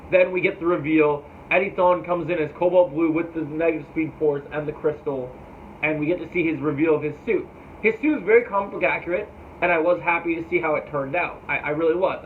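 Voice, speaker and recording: Casual male reviewer with a higher voice, loose and foul-mouthed, tinny phone-like sound. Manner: rambling and profane, sometimes mimics characters. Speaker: TV show reviewer. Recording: tinny phone-like audio with faint noise.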